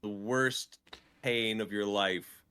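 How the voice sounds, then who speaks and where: Bright-voiced animated male streamer. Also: on the low side, slow, smooth. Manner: animated storyteller, acts out his own reactions. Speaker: guest streamer. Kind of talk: casual chat.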